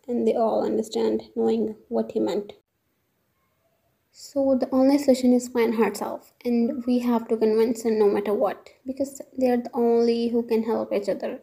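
Narrator: woman reading fan fiction, gravelly, dark, monotone. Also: fairly high pitch, low-quality recording.

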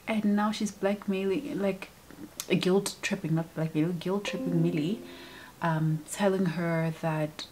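Low-voiced chatty woman vlogger. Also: steady tone, measured pace, darkish tone, slight background noise, poor audio. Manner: chatty, acts out quoted lines with many fillers. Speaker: book vlogger. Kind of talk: casual chat.

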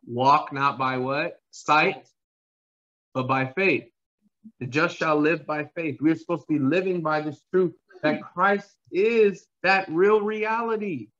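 A pastor delivers an impassioned sermon at church, repeating lines and asking his congregation to respond. He has a high, fairly bright voice, captured on a dull lo-fi recording.

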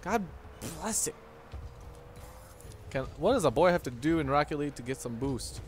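Young male gaming host, jokey fake-tutorial commentary, lively swooping pitch, outbursts and swearing, light background hiss. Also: normal speed. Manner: excitable, swearing, mock-instructional. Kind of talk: casual gameplay commentary.

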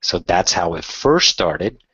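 A man with a deep, husky voice tells his own story in a candid, excitable way and swears now and then. The sound is dry and close, on a dull lo-fi recording. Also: takes it slowly, no room sound. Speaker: channeler telling his story. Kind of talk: casual personal storytelling.

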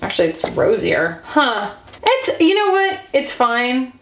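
A woman's voice: sits high, sing-song, a little slow, a bit bright, reverberant. A woman, chatting casually and gushing as she sorts through her makeup. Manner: chatty, sometimes gushing, with frequent "like" and "y'all". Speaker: beauty channel host. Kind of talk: casual chat while decluttering makeup.

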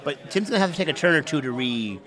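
A man commentating a tabletop game live at a convention with dry, deadpan sarcasm. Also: a little high, fast talker. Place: convention hall. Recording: crowd noise behind. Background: crowd chatter.

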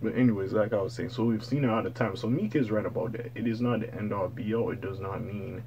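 A man's voice: on the low side, fast, darkish tone, slight background noise. A young man giving casual, profane music commentary, ranting loosely about an album. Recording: slightly dull, lo-fi audio.

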